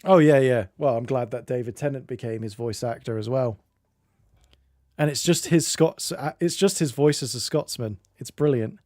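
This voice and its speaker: A man with an English accent chats on his stream, rambling and cutting himself off mid-sentence. His voice is mellow and relaxed, with a middling pitch. The sound is dry and close. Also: dry recording. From Northamptonshire, England. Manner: rambling, self-interrupting, quick to laugh. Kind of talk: casual chat.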